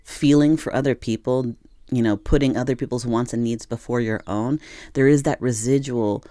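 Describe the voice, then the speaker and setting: A tarot reader with a soft, mellow tone, speaking encouragingly straight to the viewer. The delivery is earnest and searching, full of restarts and repeated phrases. The sound is close and dry, with no room around it. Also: medium pitch, brisk, no echo. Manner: gentle, encouraging, talks to the viewer as "you". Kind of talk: intuitive tarot reading to camera.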